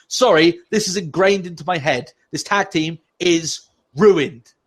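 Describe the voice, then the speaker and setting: A man's voice: sits high, moderate pace. A man co-hosting a casual podcast, ranting with lots of swearing and sarcasm. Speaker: podcast co-host.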